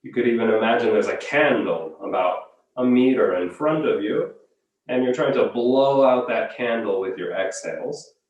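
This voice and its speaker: A man leading a guided breathing exercise as a yoga teacher, giving calm, unhurried step-by-step cues. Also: mid-range voice, muffled recording. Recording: very echoey room, voice from far off.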